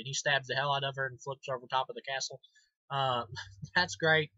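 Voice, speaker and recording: A man's voice: mid-range voice, steady tone, moderate pace, bright, forceful tone, no room sound, dull audio. A man giving a casual movie review, enthusiastic and rambling, with many ums and restarts. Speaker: film reviewer.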